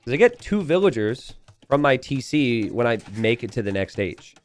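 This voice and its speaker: A young adult man talks through a strategy game replay in a loose, chatty way. His pitch swings widely as he tells the story, and he peppers it with "uh" and quick restarts. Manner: chatty, animated storytelling with frequent "uh" fillers. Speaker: game commentator. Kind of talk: casual gameplay commentary.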